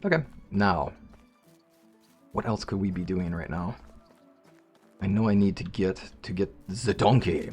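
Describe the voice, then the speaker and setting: A man's voice: low voice, expressive, unhurried, long pauses, darkish tone, breathy edge, soft background music. A man casually commenting on his game, rambling and joking with viewers. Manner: rambling, jokey, talks to viewers. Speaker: let's play host.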